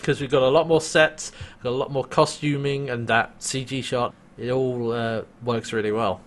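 Animated man recapping an episode. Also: mid-range voice, moderate pace, a little hiss or hum. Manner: animated, laughs often, acts out quoted lines. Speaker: podcast co-host. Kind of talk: casual recap chat.

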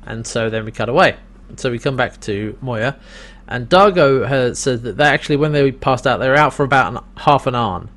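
A man in a casual podcast chat, walking through an episode's plot at a relaxed, meandering clip. His voice sits in an ordinary male range, and he keeps the telling loose and amused, padding it with fillers and restarts. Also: mid-range voice, brisk. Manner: rambling, amused storytelling with frequent fillers. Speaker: podcast co-host recapping a TV episode.

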